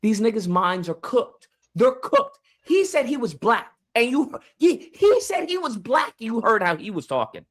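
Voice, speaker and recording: A man hosting a livestream call-in, shouting profane, angry rants at a caller. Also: very high voice, very animated, measured pace, hardly any pauses. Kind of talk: heated call-in debate.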